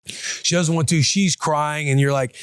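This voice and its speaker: Podcast dad co-host, slightly high voice, animated storyteller, dry close-mic sound. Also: male voice, unhurried, clear, resonant tone, no echo. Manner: animated storyteller, acts out his toddler's lines. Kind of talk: casual chat.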